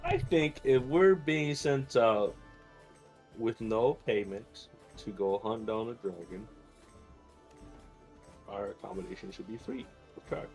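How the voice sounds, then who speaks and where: A man's voice: fairly low pitch, slow, creaky, pauses often, darkish tone, soft background music. A man playing a tabletop game, bantering with blunt, wry remarks. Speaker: player.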